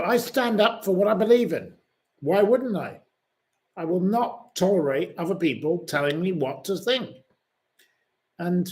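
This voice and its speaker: Man, livestream host, indignant harsh commentary, high voice. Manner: indignant, harsh name-calling, reads viewer comments aloud.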